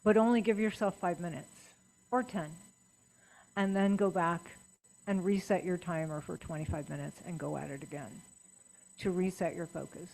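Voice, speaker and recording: A middle-aged woman speaking as guest at a writers' meeting, chatty and personal with lively emphasis. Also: lowish voice, moderate pace, gravelly, low-quality recording. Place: meeting room.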